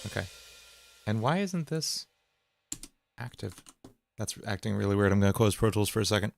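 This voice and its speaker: A man chatting casually on a livestream while producing a song cover, talking to himself as he troubleshoots his recording software. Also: fairly low pitch, lively intonation, normal speed, gravelly, faint music behind.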